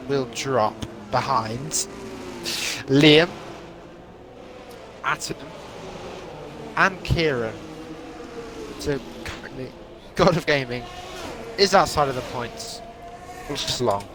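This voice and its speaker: Young male co-commentator, casual banter, hiccupping, laughs a lot; noisy feed. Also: mid-range voice. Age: young adult. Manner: jokey, swears, laughs often. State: has hiccups. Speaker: race commentator. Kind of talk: casual sim racing commentary.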